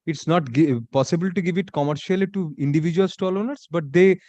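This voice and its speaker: A man's voice: a little high, fairly quick, dark tone, no room sound. A man with an Indian English accent presiding as a judge in a courtroom, firm and interrupting with small stumbles. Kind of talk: courtroom hearing. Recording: dull livestream audio.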